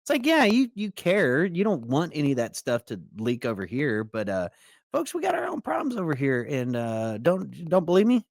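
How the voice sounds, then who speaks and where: A man's voice: on the high side, wildly swooping pitch, moderate pace, creaky, no echo. Man, podcast co-host, political commentary, news read-aloud with asides, dry close mic. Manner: casual, reads news excerpts aloud, breaks into asides.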